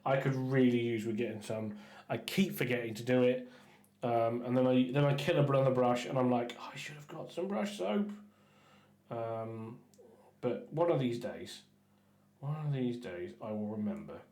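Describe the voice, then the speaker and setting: A man chatting casually while painting miniatures on a stream, rambling with stumbling restarts and often trailing off quietly. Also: mid-range voice, normal speed, echoey room. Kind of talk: casual painting livestream chat.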